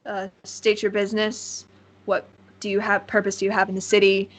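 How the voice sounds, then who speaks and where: A woman voicing a stern city gate guard who asks brisk questions. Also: medium pitch, monotone, lightly acted. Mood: curt.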